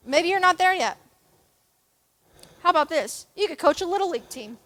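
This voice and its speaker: A woman's voice: very high voice, expressive, moderate pace, pauses often, fairly bright tone. A young adult woman giving a sermon as a church youth leader, chatty and self-deprecating, with jokes and asides.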